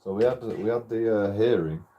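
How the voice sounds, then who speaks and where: A man's voice: fairly low pitch, moderate pace, muffled recording. A British man telling stories in a casual, rambling way while streaming a game, swearing often and laughing as he goes. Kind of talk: casual storytelling while gaming.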